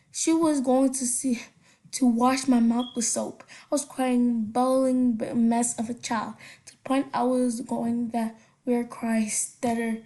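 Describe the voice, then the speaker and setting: A woman's voice: a little high, dark tone. A young woman casually reading funny stories aloud, stumbling over words and breaking off with giggly asides. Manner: halting read-aloud with slips and giggly asides.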